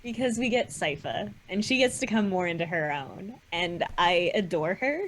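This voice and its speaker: A woman co-hosting a podcast, chatting casually with frequent laughs and quick enthusiastic asides. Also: fairly low pitch, animated, a little hiss or hum. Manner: warm agreement, giggly, quick asides. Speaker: podcast co-host. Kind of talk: casual discussion of an animated series.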